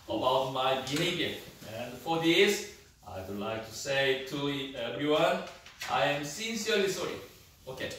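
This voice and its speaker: A man whose first language is Korean gives a university lecture in a halting way, repeating himself and stopping to ask "okay?". His voice carries through a very echoey room, picked up from a distance. A faint hiss sits under it. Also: a little high, a bit bright. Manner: halting, repeats words, often checks with "okay?". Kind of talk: classroom lecture on English usage. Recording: echoey room, mic far off, faint noise.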